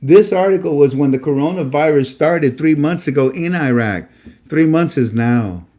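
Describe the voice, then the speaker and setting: A man's voice: a little high, expressive, normal speed, mellow. A man hosting a casual monologue show, talking emphatically and preachily, repeating himself and stammering often. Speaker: host. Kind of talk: casual live-stream monologue.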